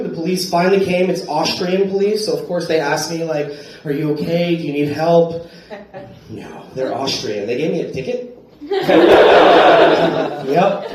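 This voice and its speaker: A man's voice: on the high side, distant mic. American man doing stand-up in an echoey club. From United States. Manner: storytelling with frequent "right?" tags, loud shouted punchlines. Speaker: stand-up comedian. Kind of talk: live stand-up set. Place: comedy club stage. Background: audience laughter.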